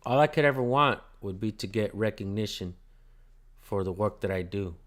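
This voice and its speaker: A man's voice: fairly low pitch, moderate pace, slight background noise. Blunt, profane man telling a story. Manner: profane, blunt, thanks viewers by name. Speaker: channel host filming police. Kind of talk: casual livestream storytelling.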